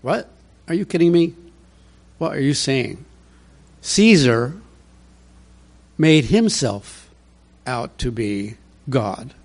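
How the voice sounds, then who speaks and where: Conversational male preacher, mid-pitched. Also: animated, takes it slowly, gravelly, pauses often, a little mellow. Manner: conversational, emphatic, with rhetorical questions. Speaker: pastor. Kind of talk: expository sermon.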